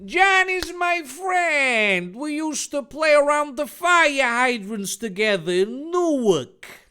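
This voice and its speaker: Man doing a squeaky, whiny, crying young guy, slow and drawn out. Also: very animated, sharp tone, exaggerated voice. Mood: wailing.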